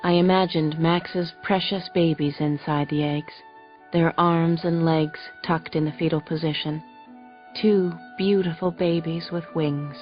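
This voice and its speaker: A woman narrating a thriller audiobook in the first person with gentle, emotional storytelling. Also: deep voice, fairly even intonation, a little slow. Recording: dull lo-fi audio, faint music.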